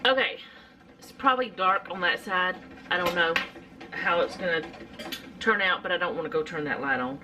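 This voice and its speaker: A woman's voice: on the low side, normal speed, pauses often, pushed and bright, a little hiss or hum. A middle-aged woman, chatting casually through a home cooking vlog in her kitchen, rambling with lots of fillers.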